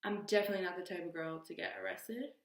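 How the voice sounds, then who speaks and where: A young adult woman telling a storytime vlog with expressive, animated delivery and acted-out quotes. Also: fairly low pitch, fast, creaky, reverberant. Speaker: vlogger.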